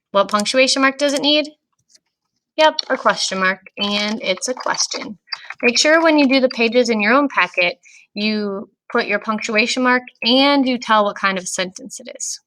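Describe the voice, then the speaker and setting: A woman teacher giving a recorded grammar lesson to children, speaking clearly and patiently to young students. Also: fairly high pitch, moderate pace, fairly bright tone, a little hiss or hum, low-quality recording.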